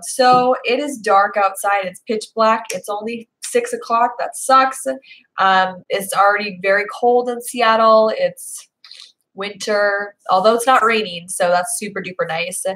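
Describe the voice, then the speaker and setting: Chatty bright-voiced young woman live-streaming. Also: mid-range voice, measured pace, low-quality recording. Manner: chatty, rambling, many fillers. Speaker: vlogger hosting a live Q&A. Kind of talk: casual live-stream chat. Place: indoors at home, Seattle.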